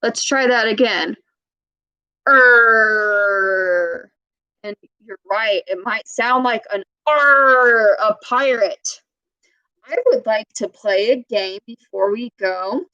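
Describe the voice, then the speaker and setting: A woman reading a storybook to children and leading a speech lesson, modeling sounds slowly and patiently with exaggerated emphasis. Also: on the high side, fairly bright tone, dry recording, muffled recording.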